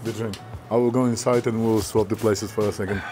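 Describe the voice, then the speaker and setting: A man's voice: lowish voice, fairly even intonation, fairly quick, music in the background. A man co-hosting a vlog outdoors in a snowstorm, playful and swearing, with slightly non-native phrasing. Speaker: vlog co-host. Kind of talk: casual chat.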